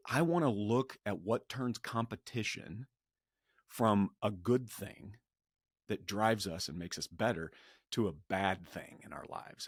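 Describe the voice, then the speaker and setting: A man's voice: low-pitched, breathy edge, no echo, studio quality. A middle-aged man hosting a podcast, telling a personal story and reflecting in a loose, conversational way with frequent restarts. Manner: conversational, with many restarts and a quoted yell. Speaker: podcast host.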